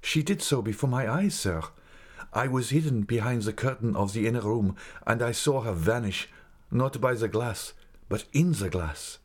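A man's voice: medium pitch, moderate pace, husky, voice pushed up, close to an everyday voice. A man voicing an impatient, anxious young male nobleman who asks urgent, pleading questions.

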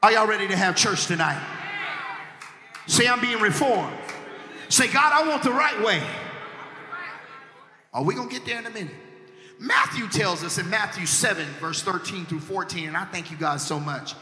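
A man preaching a sermon to a congregation, going from quiet talk to shouted, sung-out lines and calling for responses. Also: high voice, animated, normal speed, pauses often. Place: church. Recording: echoey church hall with music behind.

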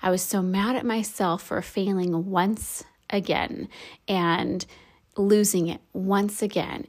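Slow, candid woman telling a story. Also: medium pitch. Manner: candid and reflective, with soft laughs. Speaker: podcast host. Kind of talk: personal storytelling for a devotional podcast.

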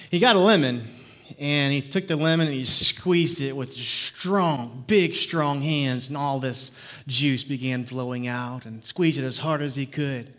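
Man, pastor, sermon, storytelling jokes, earnest preaching, fairly high pitch. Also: a bit bright.

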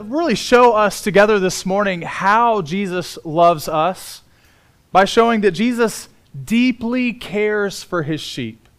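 Pastor, middle-aged man, sermon delivery; higher-pitched voice, earnest and emphatic, stretches out the important words. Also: smooth.

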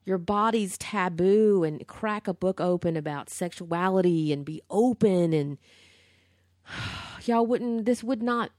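A woman co-hosting a podcast in casual chat, blunt, profane and animated. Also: medium pitch, takes it slowly, no room sound, studio quality. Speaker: podcast co-host.

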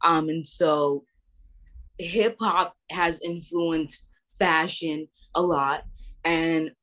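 A woman hosting a podcast interview, asking relaxed, measured questions. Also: deep voice. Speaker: podcast host.

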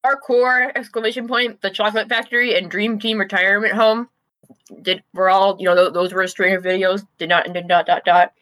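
A woman chatting offhand on a podcast, full of ums and small restarts as she reviews videos. Her voice sits at an ordinary middle pitch and sounds dry and close, with no room around it, coming through a remote call. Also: steady tone, brisk, a bit bright, no room sound, low-quality recording. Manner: offhand, talks while chewing, with frequent ums and restarts. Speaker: podcast co-host. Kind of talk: casual review chat.

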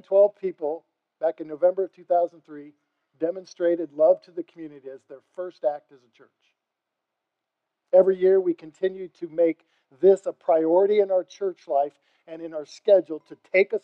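A man's voice: high-pitched, moderate pace, muffled recording. Older male pastor preaching with passion. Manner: impassioned preaching, rising to loud emphatic calls. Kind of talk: sermon.

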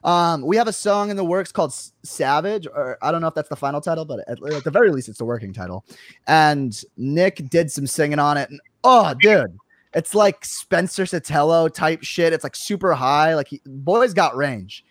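A young man talks about his band in a loose, rambling way, with plenty of fillers and casual swearing. His voice sits a bit high and swings up and down a lot. The sound is close and dry. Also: expressive, moderate pace, dry recording. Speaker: band member. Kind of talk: casual group chat.

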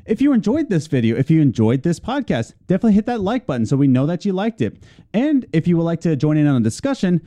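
A man's voice: a little high, big pitch swings, quick pace, warm tone. A man co-hosting a casual gaming podcast, reading plugs and news with playful, teasing asides. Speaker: podcast co-host.

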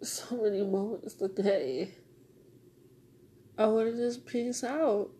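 A woman's voice: medium pitch, steady tone, takes it slowly, warm tone, slight background noise. A young woman podcaster venting in a raw, rambling monologue, swearing and tearful.

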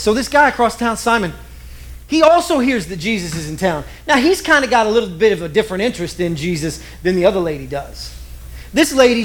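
A man preaching a sermon with lively storytelling, acting out the people he quotes. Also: sits high. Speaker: pastor.

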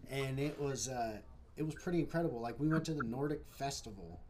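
A man from Minnesota co-hosting a live stream, talking in a laid-back, slangy way that swings from low mumbles to loud bursts. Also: animated, brisk, slight background noise. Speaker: live show co-host. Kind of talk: casual stoned chat. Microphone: livestream mic.

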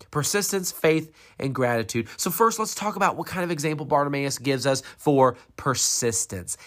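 A preacher retells a Bible story in a sermon. The pitch moves a great deal. Rhetorical questions and dramatic emphasis carry the story forward. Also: a bit bright.

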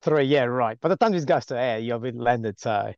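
A man's voice: mid-range voice, moderate pace, darkish tone, no echo. An Australian man co-hosting a casual whisky podcast, playful and jokey. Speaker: podcast co-host. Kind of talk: casual chat over whisky. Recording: dull, dry sound.

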